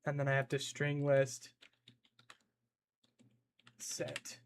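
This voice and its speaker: A young man streaming live, thinking out loud as he codes and answering his chat in a rambling, playful way. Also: medium pitch, monotone, extremely slow, creaky.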